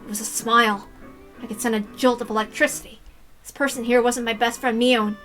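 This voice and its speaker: Lady reading a story out loud, bright higher voice, soft and even. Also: fairly quick, soft background music. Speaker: reader. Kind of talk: reading a visual novel aloud.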